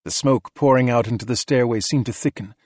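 A man narrating an audiobook in a steady, measured reading voice. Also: medium pitch, no echo. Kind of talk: scripted narration.

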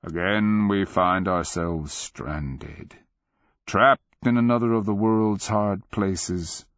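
A man reading an audiobook voices an ancient male nonman warrior-priest who speaks slowly in deep, intoning tones. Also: a bit bright, dry recording, lo-fi sound. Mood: solemn.

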